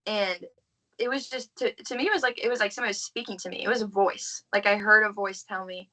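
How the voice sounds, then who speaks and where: Speaking fast with a sharp edge, this young Southern woman keeps a steady, medium-pitched tone through poor audio. As a podcast guest, she tells her personal faith story earnestly and from the heart, leaning constantly on "like."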